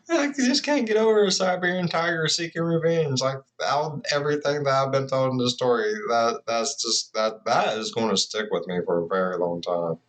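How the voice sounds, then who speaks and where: A man's voice: medium pitch, normal speed, a bit bright. Rambling profane man reacting casually. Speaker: reaction video host.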